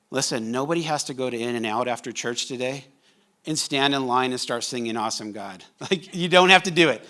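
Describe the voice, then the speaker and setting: A man's voice: medium pitch, a little fast, bright, forceful tone. A man, a pastor preaching a sermon to his congregation in a church, talking casually and joking with the room. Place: church sanctuary.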